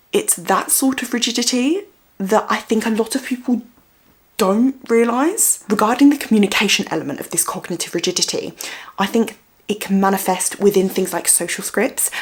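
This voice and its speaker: A young woman vlogging, talking loudly at one volume, repeating words for stress and putting emphasis in unexpected places. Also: mid-range voice. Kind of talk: casual explanatory vlog.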